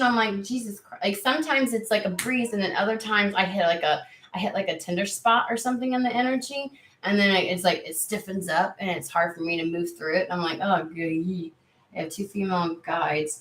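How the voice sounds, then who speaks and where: A woman's voice: mid-range voice, a little fast, fairly bright tone, a little hiss or hum. A woman hosting a tarot livestream, talking casually, swearing freely and reacting to viewer comments. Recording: roomy echo.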